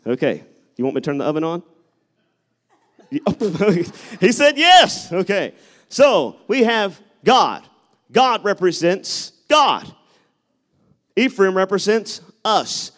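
A man preaching a sermon, telling stories and rising into loud exhortation. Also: high-pitched, slow, pauses often. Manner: animated, shifts between storytelling and loud exhortation. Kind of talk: sermon with live object lesson.

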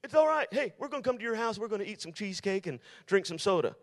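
A man's voice: high voice, animated, quick pace, long reverb tail, pitched above the performer's own voice. A man putting on a breezy, overly friendly man who shrugs off being attacked. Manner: breezy, jokey.

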